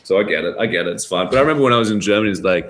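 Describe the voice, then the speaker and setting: A man's voice: low voice, animated, rapid-fire, a bit bright. A man with an Australian accent, a guest pianist chatting casually on a podcast, rambling and storytelling with lots of fillers. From Melbourne, Australia. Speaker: guest, jazz pianist and teacher.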